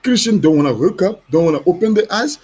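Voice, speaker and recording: A husky-voiced man speaks his mind straight to camera in a heated, pleading rant. His voice sits high and leaps up and down. He repeats his questions and breaks off into restarts as he goes. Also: lively intonation, a little mellow. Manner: halting restarts and repeated words. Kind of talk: impassioned monologue to camera.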